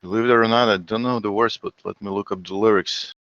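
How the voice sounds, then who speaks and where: Casting: jokey developer, gravelly low voice, dry close sound, muffled stream audio. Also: male voice, fairly even intonation, fast, a bit bright, dry recording. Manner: jokey, playful. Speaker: developer panelist. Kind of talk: casual live Q&A chat.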